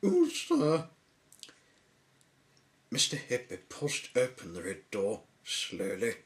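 A man reading a children's storybook aloud, with slow, drawn-out and playful emphasis. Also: low voice, bright, forceful tone.

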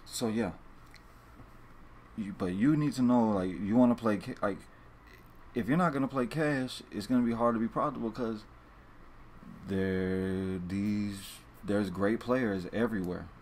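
A man's voice: on the low side, unhurried, pauses often, darkish tone, slight background noise. Rambling, profane man talking straight to viewers. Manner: rambling, profane, repeats and restarts a lot. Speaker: fantasy sports video host. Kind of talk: casual monologue to viewers.

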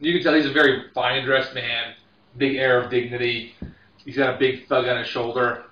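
A man narrating a tabletop game as game master, in a relaxed and halting way, recorded from a distance in an echoey room. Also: mid-range voice, dull audio, a little hiss or hum.

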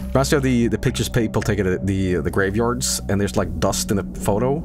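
A man's voice: fairly low pitch, a little fast, music in the background. A man streaming a game, chatting casually as he plays, rambling and joking, swearing often. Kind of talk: casual live-stream commentary.

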